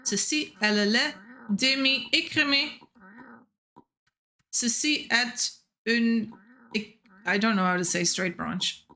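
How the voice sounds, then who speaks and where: A woman's voice: a little high, slow pace, pauses often, bright, forceful tone. A young woman streaming a game, rambling in casual chat and laughing often. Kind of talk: casual chat while gaming.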